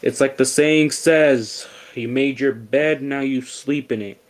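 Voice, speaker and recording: A teenage boy hosting a casual podcast, his voice sitting at a middle pitch. He rants with heavy swearing and keeps stumbling into restarts. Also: slow, low-quality recording. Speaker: podcast host.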